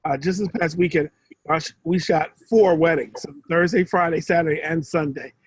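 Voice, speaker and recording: Man, casual mentor, rambling and self-correcting, dry close sound, a bit high-pitched. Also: steady tone, normal speed, breathy edge, no echo, poor audio. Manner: rambling, conversational, with frequent restarts.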